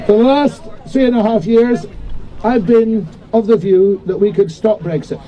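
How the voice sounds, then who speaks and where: A hoarse older man speaks at an outdoor rally. His voice sits high but has a mellow, soft-edged tone, and it is strained from overuse. He stresses key points by slowing right down. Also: highs cut off. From Scotland. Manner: impassioned, slowing and falling in pitch on key phrases. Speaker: government minister speaking at a rally. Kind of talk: rally speech.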